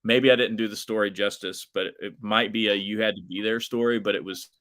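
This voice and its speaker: A man's voice: fairly low pitch, brisk. A man, a professional wrestler, telling a wild story as a guest in a casual interview with lots of fillers. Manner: animated, chatty, lots of fillers.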